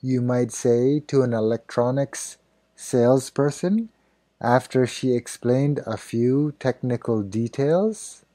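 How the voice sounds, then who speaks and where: Slow, deliberate man with a dark voice. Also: medium pitch, no room sound. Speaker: idiom teacher. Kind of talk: scripted narration.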